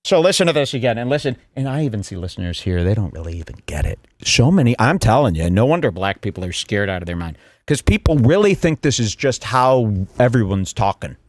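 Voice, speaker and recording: A man's voice: mid-range voice, fairly quick, hardly any pauses, no room sound. A man hosting a podcast, commenting heatedly and mockingly and swearing freely. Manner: animated, mocking, swears freely, swings between loud and muttered. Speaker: podcast host.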